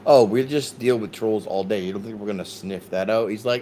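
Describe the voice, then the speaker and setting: A man's voice: lowish voice, expressive, brisk, few pauses, mellow, a little hiss or hum. A man in a casual online group chat, swearing freely and acting out exchanges with raised voices. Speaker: discussion participant.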